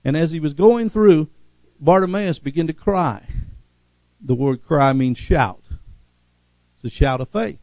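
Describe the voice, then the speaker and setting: A man preaching a sermon, calling for amens from the congregation and swinging from loud, fervent passages to quiet, lowered ones. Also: animated, unhurried, pauses often, no echo, low-quality recording. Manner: call-and-response preaching, rising to shouts then dropping low. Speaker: pastor.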